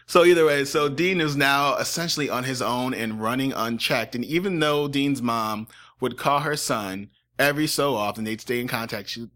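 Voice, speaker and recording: A man's voice: mid-range voice, moderate pace, a bit bright. A man co-hosting a true-crime podcast, chatting casually and joking between the facts. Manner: joking, slips into impressions. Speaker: podcast co-host.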